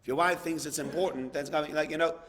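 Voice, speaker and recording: Rabbi preaching in a reverberant hall. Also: male voice, fairly high pitch, steady tone, very fast, fairly bright tone, slight background noise. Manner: conversational, acts out dialogues, repeats words for emphasis. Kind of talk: sermon.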